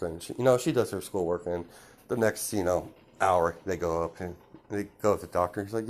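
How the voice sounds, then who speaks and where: Speaking briskly in a deep voice, a man rambles through a made-up story full of fillers and false starts, laughing at himself along the way.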